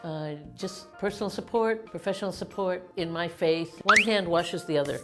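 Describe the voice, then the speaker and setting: A woman in her sixties from the United States, talking heartfelt and warm to camera in a casual vlog, laughing often. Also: lowish voice, normal speed, over loud music. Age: 60s. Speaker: vlogger.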